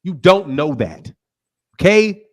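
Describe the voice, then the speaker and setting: A man's voice: sits high, sing-song, takes it slowly. A man hosting a boxing talk show, arguing heatedly, interrupting and swearing. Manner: combative, interrupting, profane. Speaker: boxing channel host. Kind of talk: heated debate.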